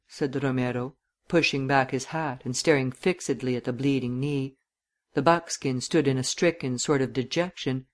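A man narrating a literary audiobook in a measured, descriptive reading. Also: medium pitch, fairly even intonation.

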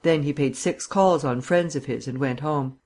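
A man's voice: a little high, moderate pace, a little mellow. A man voicing a blunt, worried police sergeant giving a plain report in an audiobook reading.

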